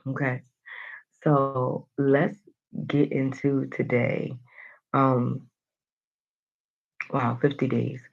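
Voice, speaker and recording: A woman giving a motivational daily vlog, animated and talking straight to her viewers with playful asides. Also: extremely low pitch, drawn-out words, creaky, pauses often, highs cut off. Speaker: motivational vlogger.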